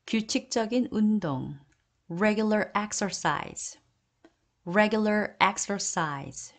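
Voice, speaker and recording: A woman reads through a vocabulary list at a measured pace. She pairs each Korean term with its English phrase and repeats the English slowly and carefully. Her voice sits at an ordinary middle pitch. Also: lively intonation. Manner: slow deliberate repetition of each English phrase. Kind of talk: word list reading, Korean then English repeated twice.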